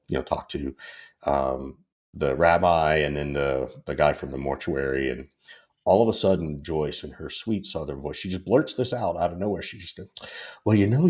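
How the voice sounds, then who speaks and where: A podcast guest in his fifties rambles candidly through personal stories in a casual interview, laughing as he goes. His voice rumbles low with a darkish tone, and the recording is muffled.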